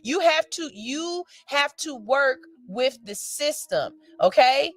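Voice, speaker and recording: A woman's voice: sits high, animated, takes it slowly, dry recording. Emphatic woman on morning radio. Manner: frank and emphatic, with swearing. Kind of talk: casual radio talk.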